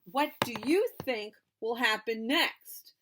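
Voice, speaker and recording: Woman reading a picture book to young children; animated, slow, lively, teacher-like explanations. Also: on the high side, noisy background. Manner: animated, stops to explain words and ask questions. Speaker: storybook reader for children. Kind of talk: children's read-aloud.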